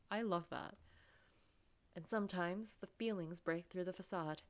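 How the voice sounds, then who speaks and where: A woman's voice: lowish voice, a little slow, pauses often. A woman playing a story game, reacting with eager, gushing commentary between read lines. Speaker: game streamer. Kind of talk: let's play commentary.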